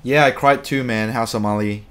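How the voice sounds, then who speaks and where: Chatty excitable male streamer. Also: mid-range voice, moderate pace. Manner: excitable, chatty, drops filler "man". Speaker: streamer reading viewer comments. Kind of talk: casual live-stream chat.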